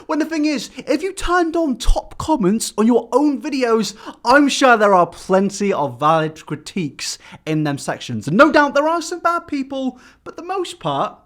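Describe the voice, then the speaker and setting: A man's voice: extremely high pitch, very animated, normal speed, fairly bright tone. A man commenting on clips in a sarcastic, mocking tone, often exaggerating for effect. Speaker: YouTube commentator. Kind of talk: reaction commentary.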